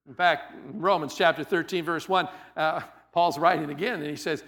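A man with a high, bright voice preaches a sermon conversationally. He stacks phrase on phrase and circles back to hammer each point home. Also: steady tone, normal speed, hardly any pauses. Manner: conversational preaching, stacked repetitions and emphatic restatements. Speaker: pastor.

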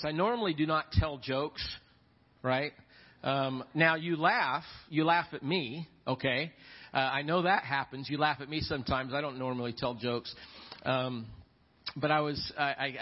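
A man preaching a sermon in a church sanctuary, his voice sitting a little high for a man. He talks in a folksy, rambling way, repeats his words and drifts into storytelling asides. The church recording sounds dull and lo-fi. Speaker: pastor. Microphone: lapel mic.

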